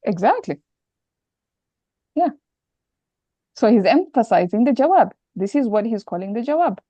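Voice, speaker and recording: A woman's voice: a little high, big pitch swings, moderate pace, mellow, no room sound, muffled recording. A woman teaching an online grammar lesson, explaining step by step and patiently repeating the key points.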